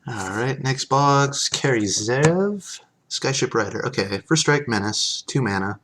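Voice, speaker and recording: A man's voice: medium pitch, lively intonation, measured pace, a bit bright, a little hiss or hum. A man casually chatting on a live stream, reading card text aloud and thanking viewers as he opens packs.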